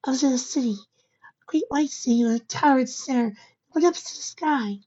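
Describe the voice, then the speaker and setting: A woman's voice: high voice, brisk, mellow, breathy edge, dull audio, pitched above the performer's own voice. A woman voicing a frightened, earnest young filly pony in a storybook reading. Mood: curious.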